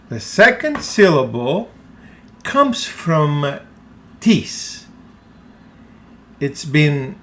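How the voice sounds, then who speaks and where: A man's voice: a little high, a bit bright. A man teaching a language lesson, carefully pronouncing words and asking the listener to repeat them. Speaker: Greek teacher. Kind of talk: slow language lesson with pronunciation drills.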